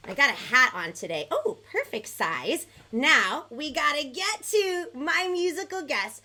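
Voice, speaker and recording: A woman hosting a live online music show for children, bubbly and animated, cheering and counting along with her young viewers. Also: high-pitched, measured pace. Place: home in Los Angeles. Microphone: headphones on, live stream.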